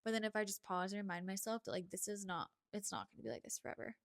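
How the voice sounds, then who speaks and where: A young woman hosting a podcast, chatting casually and confidingly, with frequent laughs and breathy sighs. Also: medium pitch, fairly even intonation, rapid-fire. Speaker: podcast host. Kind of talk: casual chat.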